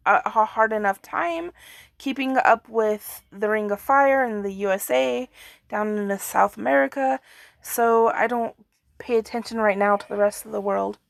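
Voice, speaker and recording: A woman's voice: mid-range voice, creaky, dry recording, studio quality. A woman giving a casual, rambling video update as an earthquake forecaster, with many fillers.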